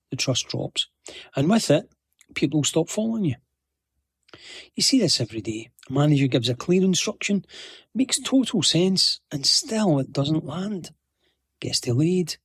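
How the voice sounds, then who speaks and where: A man hosting a solo podcast, explaining ideas in a reflective, measured way. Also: on the high side, breathy edge, dry recording, studio quality. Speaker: podcast host.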